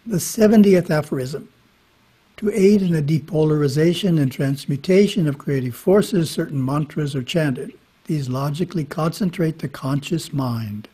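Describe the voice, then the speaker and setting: A man giving a spiritual talk, reading scripture in a measured way with brief casual asides. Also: on the high side, mellow, breathy edge. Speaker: monastery teacher. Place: monastery. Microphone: webinar microphone.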